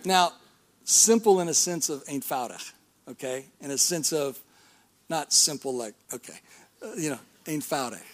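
A man's voice: fairly high pitch, lively intonation, normal speed. A middle-aged male pastor preaching a sermon in a church, talking in a conversational way with rhetorical questions and calls of amen.

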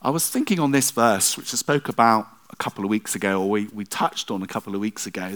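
A man's voice: lowish voice, animated, quick pace, few pauses, a bit bright. A middle-aged male pastor preaching a sermon in a conversational way, with self-deprecating asides.

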